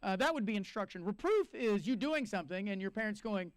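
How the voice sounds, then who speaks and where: A pastor delivers his sermon with a strikingly high voice. He preaches in an animated way, slipping into quoted voices to drive points home. The sound is dry and close. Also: fairly quick, few pauses, no echo. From United States.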